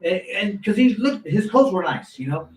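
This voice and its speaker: He's a former boxer in his fifties with a high-pitched voice, speaking at normal speed. His long, casual story is animated and rambling, with many restarts and asides, recorded on a distant mic in a roomy space with faint noise.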